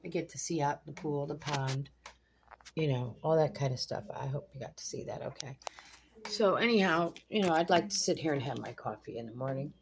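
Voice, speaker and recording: A woman's voice: low voice, a little fast, gravelly, noisy background. An older woman vlogging casually from her home kitchen, blunt and swearing freely as she rants in exasperation. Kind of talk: casual vlog chat. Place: home kitchen by pool windows.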